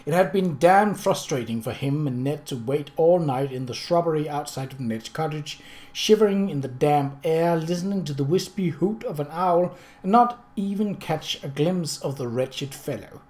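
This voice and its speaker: A man narrating an audiobook in a steady, measured way. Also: fairly high pitch. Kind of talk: audiobook reading.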